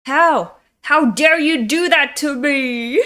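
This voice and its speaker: Arrogant young male villain, shouting and indignant, put on by a woman reading a comic. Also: fairly high pitch, animated, slow pace. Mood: outraged.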